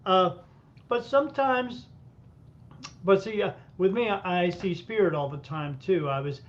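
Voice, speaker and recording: A man, a medium, telling a lively story as a podcast guest, acting out the voices of people in it. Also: a little slow. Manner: animated anecdotes, acting out quoted voices. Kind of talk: casual storytelling. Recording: muffled audio with faint rumble.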